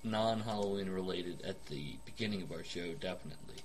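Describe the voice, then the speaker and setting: A man's voice: low voice, brisk, slight background noise. A man co-hosting a podcast in casual, joking banter, poking fun at himself. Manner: joking, self-deprecating banter. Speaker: podcast co-host. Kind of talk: casual chat.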